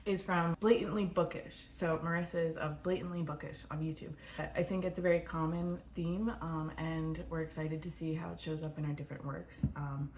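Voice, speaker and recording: A woman's voice: deep voice, steady tone, moderate pace, hardly any pauses, a little mellow, slight background noise. A woman co-hosting a casual book chat, upbeat and sprinkled with fillers. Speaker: co-host of a book channel. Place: United States. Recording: echoey room.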